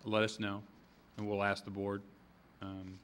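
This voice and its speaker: Low, flat-voiced man at a meeting. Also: measured pace, slight background noise. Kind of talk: public meeting.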